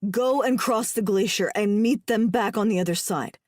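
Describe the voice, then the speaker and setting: A woman's voice: medium pitch, normal speed, a little mellow, dry recording, studio quality, natural voice. A woman voicing an injured horned male alien who speaks in clipped, formal sentences between gasps. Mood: pained.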